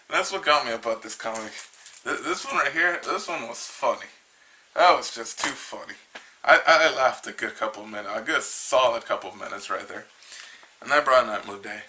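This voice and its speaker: A man casually retelling a comic book's story, rambling and halting with many restarts, a little tired. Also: mid-range voice, sharp tone, slight background noise, low-quality recording. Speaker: comic book reviewer.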